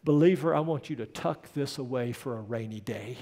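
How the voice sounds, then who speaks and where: A man preaching a sermon as pastor, emphatic, building to loud peaks and then dropping soft. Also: medium pitch, brisk, long reverb tail. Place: church sanctuary.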